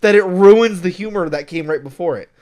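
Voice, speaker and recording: A man co-hosting a casual film review chat, talking in an animated way and sometimes acting out scenes. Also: high-pitched, a little fast. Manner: animated, acts out scenes in exaggerated voices. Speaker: podcast co-host reviewing films.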